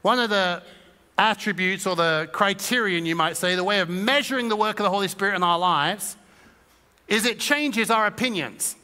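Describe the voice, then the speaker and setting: In a reverberant church auditorium, a pastor from England delivers his sermon in a high, sharp voice at normal speed. His style is chatty and funny, and he performs small imitations of what his listeners might say.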